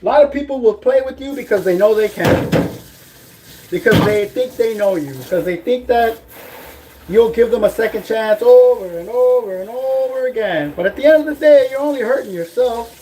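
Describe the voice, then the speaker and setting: A man's voice: extremely high pitch, expressive, moderate pace, dark tone, a little hiss or hum. A man on a casual vlog who gives blunt, profane, preachy life advice while making food in his kitchen at home. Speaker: vlogger. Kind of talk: casual livestream pep talk.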